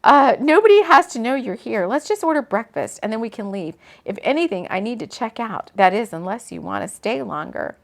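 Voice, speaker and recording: A woman's voice: on the high side, sing-song, fairly quick, vocal fry, few pauses. A woman reading the lines of a smitten young loner in a storybook, using nearly her own voice. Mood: eager. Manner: plain voice, barely put on.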